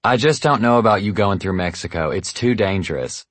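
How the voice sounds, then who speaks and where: A man's voice: fairly low pitch, animated, fairly quick, fairly bright tone, no room sound. A man voicing a devout, protective mother with a Southern US accent in an audiobook story. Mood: worried. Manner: anxious, pleading, then forbidding.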